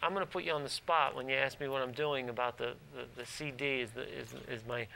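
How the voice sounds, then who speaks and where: A man's voice: mid-range voice, steady tone, fast talker, vocal fry, a crowd in the background, rough recording. A man, a guest actor, chatting and telling stories in a TV studio interview, rambling with restarts. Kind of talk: casual interview storytelling.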